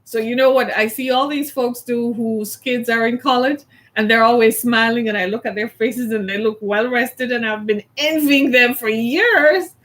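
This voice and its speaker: A middle-aged woman from the American South, chatting casually as a host, animated and laughing often as she plays out little scenes. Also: fairly high pitch, moderate pace. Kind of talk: casual chat.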